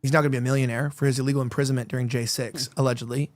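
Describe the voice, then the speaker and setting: A man hosting an opinionated commentary show, talking in a rapid, heated, rambling way with many restarts. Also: mid-range voice, level tone. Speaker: show host.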